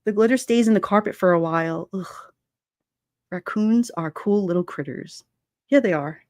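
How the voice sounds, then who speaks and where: Here a woman with children hosts a livestream, talking casually, reading comments from viewers aloud, laughing often and slipping into quoted voices. Her voice is mid-range and darkish at a moderate pace. The recording is dry and clean, like a studio.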